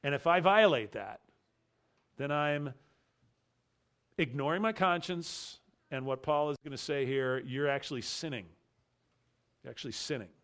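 A man preaching an expository sermon, emphatic, repeating key phrases and slowing down to stress them. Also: on the high side, a bit bright. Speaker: pastor.

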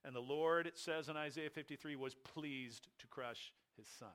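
A man's voice: a little high, moderate pace, a bit bright. A male pastor preaching an expository sermon, emphatic, repeating key phrases and asking and answering his own rhetorical questions.

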